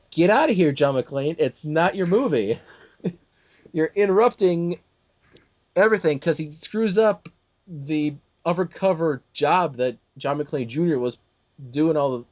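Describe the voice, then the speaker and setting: A man's voice: on the high side, no echo. A man co-hosting a casual movie talk show, ranting with lots of restarts and acted-out quotes. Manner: animated ranting with many restarts and quoted asides. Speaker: podcast co-host.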